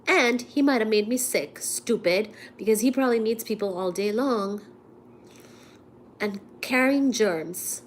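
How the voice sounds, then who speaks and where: Woman with a cold, chatting slowly. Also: mid-range voice, a little hiss or hum. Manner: chatty storyteller, animated and indignant, acts out quotes. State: sick with a cold, coughing. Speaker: vlogger. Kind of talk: casual chat to a live audience.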